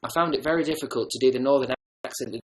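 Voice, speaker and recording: A young man from the north of England, his accent softened, rambling casually and swearing now and then as he reads viewer comments on his livestream. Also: mid-range voice, very fast, slight background noise. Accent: northern English, softened. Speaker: livestream host.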